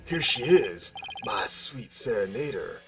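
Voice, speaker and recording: A man voicing a laid-back hippie head monk who talks in slow, drawling groovy slang, as a fan voice-over of a game. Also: fairly low pitch, sing-song, recorded from a distance, loud music behind the voice. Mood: mellow.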